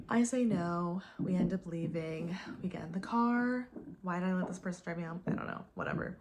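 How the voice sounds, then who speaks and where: A young woman vlogger casually telling a dating story, animated, swearing and exasperated. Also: on the low side, a little fast, a little hiss or hum.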